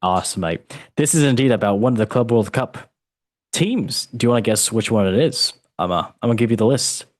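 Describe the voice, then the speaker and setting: With a lowish voice and a fairly quick pace, a man hosts a football quiz on a casual podcast, teasing his guest playfully and calling him mate. There is no echo.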